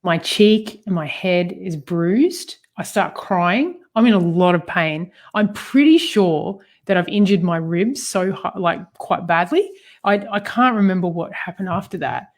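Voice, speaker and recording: A woman's voice: lowish voice, measured pace, few pauses. Chatty woman laughing through a story. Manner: animated storytelling, laughs often, frequent fillers. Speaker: co-host. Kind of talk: personal conversation about healing.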